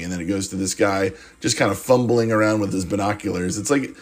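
A man's voice: on the low side, a little fast, hardly any pauses. A man hosting a podcast, reviewing a movie in a sarcastic, rambling comic monologue. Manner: sarcastic, rambling, swears casually.

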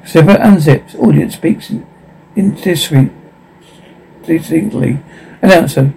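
A man reading a show's captions aloud in a plain, halting way, with slips and restarts. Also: a little high, very animated, vocal fry, dark tone, husky, low-quality recording.

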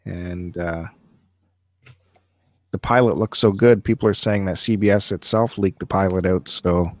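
Man, podcast host, teasing casual chatter, lowish pitch, very dry close sound. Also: fairly even intonation, a little slow, no echo. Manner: chatty, teasing, laughs often. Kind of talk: casual chat.

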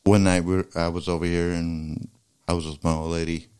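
A man's voice: sits low, flat delivery, brisk, a little mellow, smooth. A man co-hosting a crude podcast, bragging and ribbing his friends. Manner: boastful, teasing. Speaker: podcast co-host. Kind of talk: crude casual banter.

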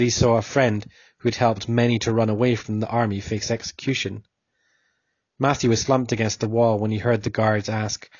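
A man reading a story aloud in a steady, even way. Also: mid-range voice, no echo, dull audio. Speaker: narrator.

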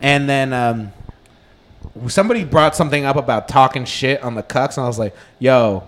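A man's voice: medium pitch, a little fast, fairly bright tone. Rambling man in crude comedy banter. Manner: rambling, heavy use of "like", profane banter. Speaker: comedian podcast co-host. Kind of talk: casual chat.

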